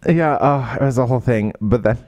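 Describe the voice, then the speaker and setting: A man's voice: medium pitch, brisk, dry recording. A man co-hosting a casual book chat, recapping scenes and acting out character quotes. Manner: animated, acts out character quotes in lifted voices. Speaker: book podcast co-host.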